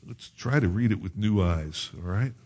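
Male pastor, slightly low and husky voice, conversational preaching with asides. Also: expressive, normal speed, a little mellow. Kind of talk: sermon.

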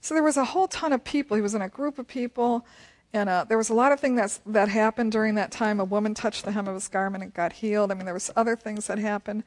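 A woman's voice: medium pitch, steady tone, fast. Chatty woman teaching a Bible study. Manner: chatty, reads scripture aloud and laughs often. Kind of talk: Bible study reading and commentary.

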